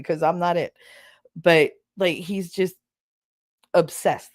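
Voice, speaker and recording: A woman's voice: on the low side, normal speed, darkish tone. A middle-aged woman hosting a podcast, telling a story in a casual, blunt and profane way, laughing as she goes. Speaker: podcast host.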